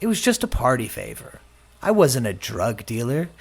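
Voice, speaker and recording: A male preacher delivering a sermon with a lively, swinging pitch. He tells his own story and slips into the voices of the people he quotes. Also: slow. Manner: personal testimony, acts out quoted voices.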